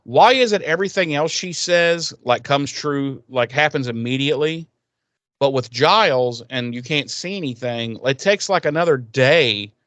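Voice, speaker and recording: A man co-hosting a podcast who recaps a TV episode in casual, profane talk, laughing often and getting animated. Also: mid-range voice, moderate pace, dry recording. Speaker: podcast co-host.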